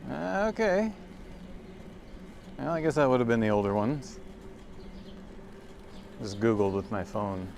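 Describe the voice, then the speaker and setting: A man's voice: mid-range voice, a little slow, long pauses, a little mellow. A man in his forties chatting casually with viewers while riding a bike outdoors, rambling and self-amused. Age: 40s. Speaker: livestreamer. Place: outdoors on a cargo bike by a lake. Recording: outdoor ride with clear background noise.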